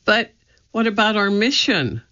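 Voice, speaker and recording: A reader voicing an eager, excitable young girl with high, breathless exclamations in an audiobook. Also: takes it slowly, vocal fry, highs cut off, full character voice. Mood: excited. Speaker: audiobook character.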